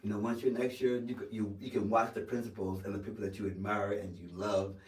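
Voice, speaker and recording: A man being interviewed as an actor, telling an animated story with stammering restarts and acting out the quoted lines. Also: lowish voice, fast talker. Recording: roomy sound from a distance.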